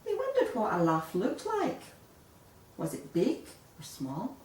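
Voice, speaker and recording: Slow expressive woman reading a children's story. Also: medium pitch, a little hiss or hum. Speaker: storybook reader. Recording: echoey room, voice a bit far off.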